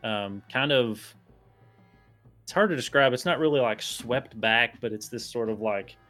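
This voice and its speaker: A man's voice: mid-range voice, measured pace, a bit bright, soft background music. A man narrating a tabletop game as game master, rambling with many fillers.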